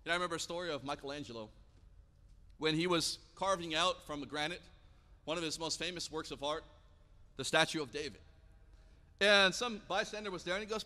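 A high, bright male voice preaching in a church, with a long hall reverb trailing each phrase. He tells Bible stories in a relaxed, conversational way and slips casually into the characters' lines. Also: fairly quick. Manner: storytelling preacher, acts out biblical dialogue casually. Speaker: pastor. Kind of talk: sermon. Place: church sanctuary.

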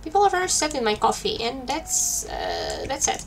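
Woman, gaming commentary, gravelly fry, slight hiss behind. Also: a little high, wildly swooping pitch, normal speed, few pauses. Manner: chatty, talks to herself while playing. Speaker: gaming streamer. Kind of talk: casual let's-play commentary. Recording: faint background noise.

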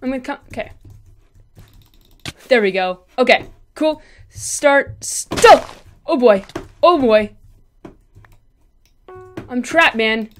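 A woman with a high voice narrates her gameplay live. She is excitable, chattering to herself and taunting the other players as she goes. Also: slow pace, pauses often, a little hiss or hum. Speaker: gaming channel host.

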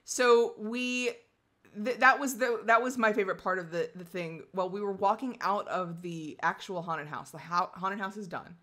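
A woman co-hosting a casual chat, telling an animated story with frequent laughter and sarcastic asides. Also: mid-range voice, moderate pace. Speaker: podcast co-host.

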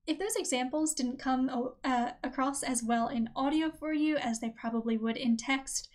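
A woman with a high voice hosts a writing-advice podcast. She reads her script in a clear, measured way and reads examples aloud as she goes. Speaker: podcast host.

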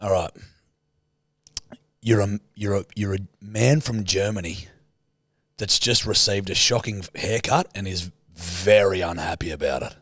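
A man's voice: sits low, a little slow, a bit bright, no room sound, clean studio sound. A man co-hosting a casual podcast, teasing his co-host and swearing freely.

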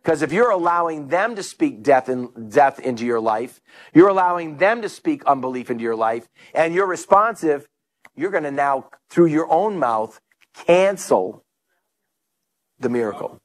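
A man's voice: fairly high pitch, a little slow. A male pastor preaching a sermon, telling stories and acting out the people in them. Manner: storytelling preacher, animated, acts out quotes.

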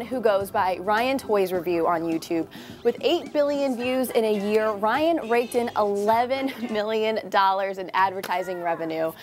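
A woman's voice: medium pitch, darkish tone. A woman news anchor reading a light segment in a playful, wry and teasing manner from a TV studio desk.

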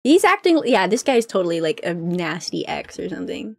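A woman's voice: lowish voice, sing-song, brisk, hardly any pauses, no echo, studio quality. A young woman streaming a game, commenting casually and playfully, often giggling.

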